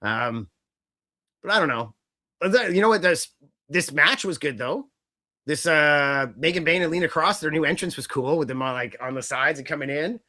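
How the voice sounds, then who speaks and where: Guy co-hosting a wrestling podcast, kinda high voice, rambly and animated. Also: moderate pace. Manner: rambling, animated, swears casually. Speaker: podcast co-host. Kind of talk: casual wrestling chat.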